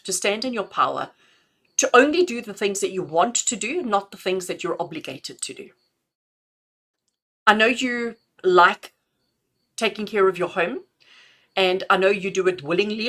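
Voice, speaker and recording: Bright-voiced, affectionate woman giving readings. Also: mid-range voice, animated, moderate pace. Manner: affectionate, chatty, calls listeners "my darling"; laughs often between messages. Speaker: intuitive reader. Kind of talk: live-stream spiritual messages to viewers.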